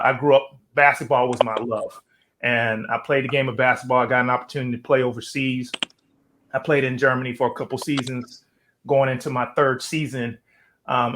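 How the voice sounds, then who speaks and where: Male talk show host, mid-pitched, reflective and earnest, faint noise in the background. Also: fairly bright tone. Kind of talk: interview.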